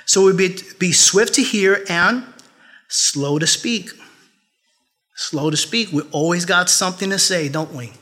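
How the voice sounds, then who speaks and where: A pastor preaching a sermon, emphatic and repetitive, with laughing asides. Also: male voice, high voice, unhurried, sharp tone. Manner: laughs at his own jokes.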